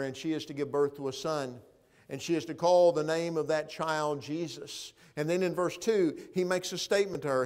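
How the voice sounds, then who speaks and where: A man preaching a sermon in a church, moving between loud proclaiming and quiet, hushed appeals. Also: on the high side. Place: church sanctuary.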